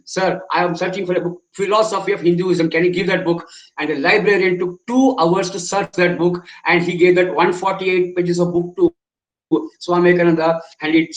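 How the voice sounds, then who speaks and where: A man leads an online training session in a high, bright-pitched voice. He circles back over his own phrases and keeps quizzing his listeners. The sound is roomy and echoey. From India. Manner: repeats phrases and fires rhetorical questions at the audience. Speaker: memory trainer. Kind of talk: online webinar lecture.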